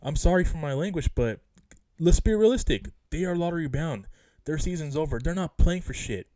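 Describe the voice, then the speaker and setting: A man's voice: a little high, lively intonation, fairly quick, warm tone, no echo. A man venting as a sports fan vlogger, speaking emphatically and repeating himself in a casual, frustrated rant. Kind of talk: casual rant about a basketball game.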